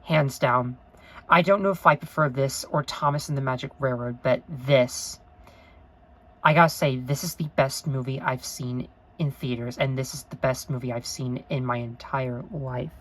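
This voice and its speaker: A woman's voice: rumbling low, fairly even intonation, normal speed, fairly bright tone, rough recording. A woman talking to camera in an unscripted review vlog, earnest and rambling, gushing with emotion and often apologizing. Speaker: vlogger.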